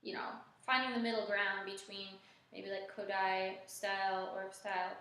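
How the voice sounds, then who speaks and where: A woman's voice: mid-range voice, little pitch movement, normal speed, bright, forceful tone. A woman music teacher giving a casual teaching demo, talking chattily with many fillers and singing short solfege patterns. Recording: very echoey room.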